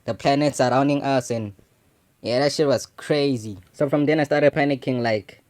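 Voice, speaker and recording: A young adult man hosts a channel and tells his own story, his mid-range voice darkish in tone and moving at a moderate pace. It's slangy and loose talk, laced with asides and "you know what I'm saying" fillers.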